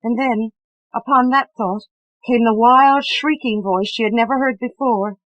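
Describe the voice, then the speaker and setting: A woman audiobook narrator reading a novel with a measured, dramatic delivery that drops to hushed passages. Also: on the high side, no echo, dull audio. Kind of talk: scripted literary narration.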